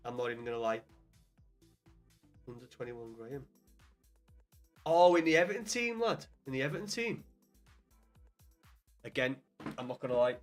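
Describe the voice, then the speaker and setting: A young man with a Scouse accent talks casually to his live-stream viewers, swearing freely and calling them lad. His voice sits in an ordinary middle pitch. Faint music plays quietly underneath. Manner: chatty, swears often, calls viewers lad. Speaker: livestream host.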